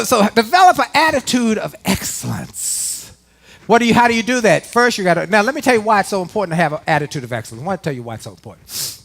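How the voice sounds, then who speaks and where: A middle-aged man from Washington giving a live motivational speech to a work audience, animated and folksy, talking straight to the crowd. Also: high voice, creaky. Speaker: motivational speaker. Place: conference room before a live audience.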